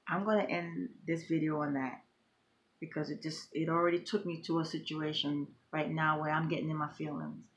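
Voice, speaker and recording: A woman's voice: low-pitched, steady tone, moderate pace, a little hiss or hum. A middle-aged woman vlogging emotionally, talking in an impassioned, repetitive, grieving way. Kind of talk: emotional personal vlog.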